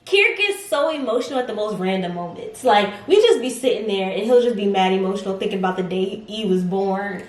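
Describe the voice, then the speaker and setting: A woman chatting casually with her partner on a vlog, curious and quick to laugh, prompting his story with questions. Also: mid-range voice, animated, slight background noise. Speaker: vlog co-host. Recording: roomy echo.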